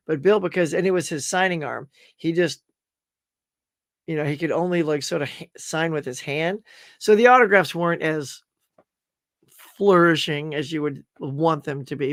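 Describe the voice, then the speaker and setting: A man's voice: sits high, a bit bright, dry recording, clean studio sound. A man hosting a casual live chat show, rambling through viewer comments with lots of fillers and restarts. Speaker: host.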